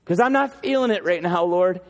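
A male pastor with a high-pitched voice delivers an impassioned sermon in a church sanctuary. He stacks repeated phrases and slows right down to land each point. The long reverb of the hall rings behind every phrase. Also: lively intonation. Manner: impassioned preaching with repetition, slowing for emphasis.

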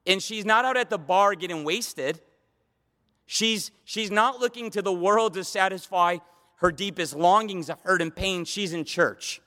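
A man's voice: sits high, a little slow, pushed and bright. A man preaching a midweek Bible study sermon in a church, passionate and emphatic, switching between conversational asides and rising emphasis. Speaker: pastor. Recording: long hall reverb.

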